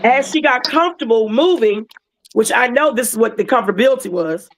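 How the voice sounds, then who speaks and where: A woman telling a client's story in a casual, animated way, with emotional moments. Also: on the high side, a little fast, slight background noise, rough recording. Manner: animated, emotional retelling with acted quotes. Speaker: wellness patch seller sharing a client story.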